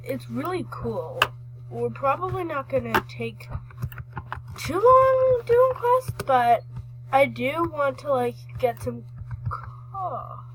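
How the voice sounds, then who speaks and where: A woman giving chatty, excitable commentary while playing a horse game, rambling and restarting her sentences. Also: high voice, slow, slight background noise, rough recording. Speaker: gaming vlogger.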